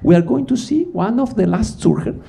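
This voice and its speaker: Guy putting on a shushy safari guide voice, quiet and high, hushing kids. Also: animated, moderate pace, gravelly, exaggerated voice. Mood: hushed. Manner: shushing, whispery urging. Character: hushed male safari tour guide.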